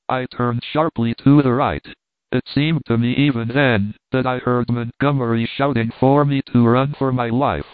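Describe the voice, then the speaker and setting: A man reading an adventure novel aloud as a measured storybook narration. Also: mid-range voice, no echo. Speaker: audiobook reader. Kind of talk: scripted narration. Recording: dry, tinny phone-like sound.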